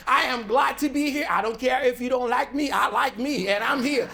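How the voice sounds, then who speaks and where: A middle-aged man, giving a motivational storytelling speech at a community event. He acts out dialogue and swings from loud to hushed. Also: very high-pitched, normal speed, vocal fry, few pauses.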